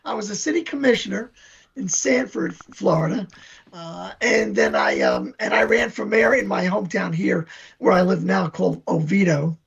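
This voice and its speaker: A man's voice: high voice, very animated, normal speed, creaky. An older man, chatting as an interview guest and telling long boastful stories in a rambling way. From New York. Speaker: band member, guest. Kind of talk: casual chat. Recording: dull lo-fi recording.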